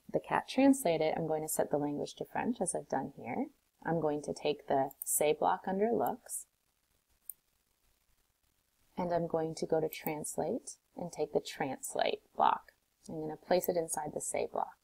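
A woman teacher calmly walking through a coding tutorial step by step, recorded on a desktop mic. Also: low-pitched, creaky, slightly rough, poor audio. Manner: calm, step-by-step instructions.

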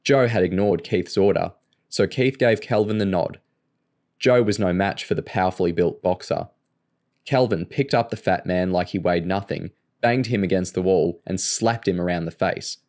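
A man narrating a novel in a steady, even storytelling manner. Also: deep voice, moderate pace. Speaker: audiobook reader. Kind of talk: audiobook narration.

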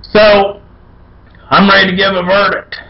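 A man hosting a casual beer review vlog, loud, folksy and irreverent, with playful chants. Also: high voice, little pitch movement, a little slow, vocal fry, lo-fi sound. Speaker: beer review show host.

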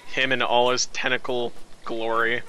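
Man, slow drawl, bright tone, animated let's-play chatter. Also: mid-range voice, soft background music. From Canada. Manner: laid-back, exclaims at shots. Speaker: gamer. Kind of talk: casual let's-play chat.

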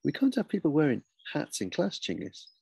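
A man voicing a firm, brisk schoolteacher woman in a storybook reading, with a raised, bright teacherly tone. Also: a little high, wildly swooping pitch, vocal fry, husky, pitched above the performer's own voice, exaggerated voice, poor audio.

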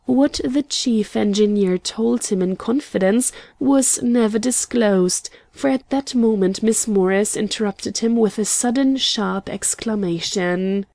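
A woman narrating an audiobook in a measured, unhurried reading style. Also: mid-range voice, dark tone, no room sound. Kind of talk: scripted narration.

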